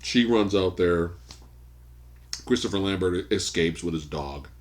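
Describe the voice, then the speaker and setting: A man hosting a podcast, casually recapping a movie plot as an animated storyteller who swears freely. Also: low voice, unhurried. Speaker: podcast host. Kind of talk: casual movie review chat. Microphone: studio podcast mic.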